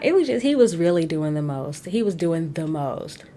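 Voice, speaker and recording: A woman hosting a podcast, chatting casually and sassily with blunt opinions, slangy asides and quick laughs. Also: low voice, sing-song, dark tone, slight background noise. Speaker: podcast host recapping a reality show. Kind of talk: casual chat.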